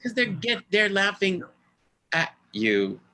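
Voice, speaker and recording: A man who is an original cast member and director, earnestly telling a theater story on a video call, halting and restarting as he goes. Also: sits high, big pitch swings, bright, forceful tone. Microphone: video call microphone.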